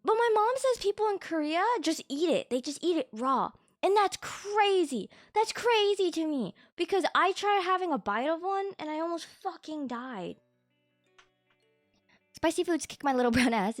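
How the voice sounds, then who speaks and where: A woman livestreamer chatting casually with her viewers, excitable and animated, swearing freely. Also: a little high, dry recording. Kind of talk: casual stream chat. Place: home streaming setup.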